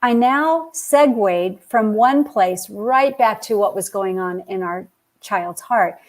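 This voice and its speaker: A middle-aged woman, an author and speaker on parenting, answers in a conversational interview and acts out quoted dialogue as an animated storyteller. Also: mid-range voice, takes it slowly.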